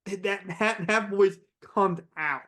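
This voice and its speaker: A man's voice: fairly high pitch, normal speed, fairly bright tone. Easygoing man chatting about films. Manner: easygoing, agreeable, joking. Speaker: podcast co-host. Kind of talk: casual film discussion.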